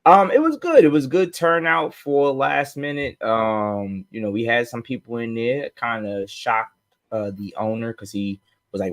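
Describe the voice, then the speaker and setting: A man co-hosting a podcast, telling stories in a loose, animated way with lots of fillers and restarts. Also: mid-range voice, measured pace. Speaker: podcast co-host. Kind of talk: casual chat.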